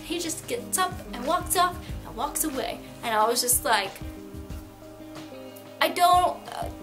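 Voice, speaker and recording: A woman's voice: high voice, lively intonation, moderate pace, over music. A woman telling a short awkward anecdote in a breezy, bemused way. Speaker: storyteller. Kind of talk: personal anecdote.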